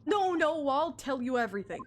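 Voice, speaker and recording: A woman's voice: mid-range voice, very animated, very slow, a little hiss or hum, heavily acted. A woman voicing a flustered, stammering young man in a game read-through. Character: flustered young male law student.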